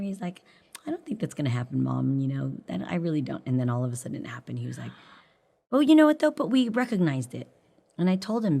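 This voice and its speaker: A woman in her forties with a very low voice, talking as a guest in a relaxed conversation. There is a gravelly fry running through her speech, and she keeps things candid and chatty. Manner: candid, chatty, laughs often. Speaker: podcast guest. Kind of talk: casual chat.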